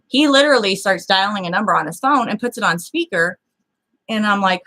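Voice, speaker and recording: A woman's voice: mid-range voice, a little fast. Blunt, foul-mouthed woman telling a story. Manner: blunt and profane, swears freely; animated, acts out the people in her story. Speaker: show's star telling a personal story. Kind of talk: casual storytelling.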